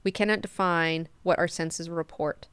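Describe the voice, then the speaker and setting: A woman doing a hushed brooding god-emperor. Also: lowish voice, steady tone, moderate pace, smooth, no echo, lightly acted. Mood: solemn. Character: ancient male god-emperor, calm and brooding.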